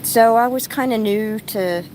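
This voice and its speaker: A woman's voice: fairly high pitch, a little slow, darkish tone, a little hiss or hum, poor audio. A middle-aged woman telling stories in a casual vlog, chatty and breaking off to talk to her pet bird. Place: rural home, outdoors.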